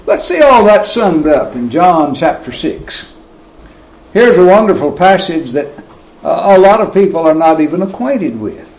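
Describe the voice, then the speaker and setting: Emphatic male preacher, slow deliberate sermon delivery with swooping intonation. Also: very animated, reverberant, low-quality recording. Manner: slow and emphatic, with wide swings of pitch and loudness.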